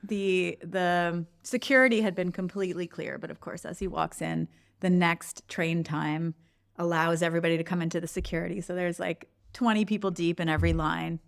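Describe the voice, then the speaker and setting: A woman's voice: lowish voice, fairly even intonation, moderate pace, gravelly, clear, resonant tone. A woman from Canada co-hosting a podcast, explaining context in a friendly way and laughing often. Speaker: podcast co-host. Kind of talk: casual storytelling chat.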